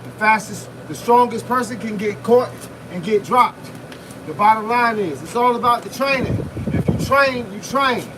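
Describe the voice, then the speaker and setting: Male boxing coach, high voice, blunt pep talk mid-workout, distant phone mic, wind noise. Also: normal speed. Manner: loud, punchy motivational talk with shouted breaths. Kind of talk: live-streamed workout talk. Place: outdoors in freezing wind. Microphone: phone camera set at a distance.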